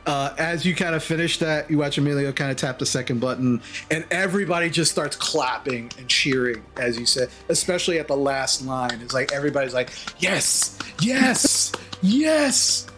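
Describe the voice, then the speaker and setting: A man's voice: medium pitch, a little fast, few pauses, fairly bright tone, faint music behind. A man running a tabletop game, narrating scenes loosely with plenty of fillers. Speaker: game master.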